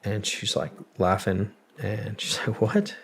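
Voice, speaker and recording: A man's voice: lowish voice, little pitch movement, unhurried, a bit bright, slight background noise. A young man, a military veteran and podcast guest, telling a story in a loose, profane way, full of "like" fillers. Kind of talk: casual storytelling.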